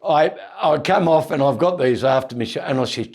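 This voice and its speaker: An Australian man in his seventies, a comedian telling anecdotes as a guest, animated and acting out voices, with stammered restarts. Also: mid-range voice, brisk, slightly rough. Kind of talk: anecdotal storytelling in conversation.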